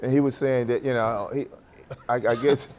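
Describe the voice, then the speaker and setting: A man's voice: mid-range voice, fairly even intonation, normal speed, darkish tone. A man in his sixties telling stories in a roundtable chat, laughing and acting out dialogue. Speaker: former running back.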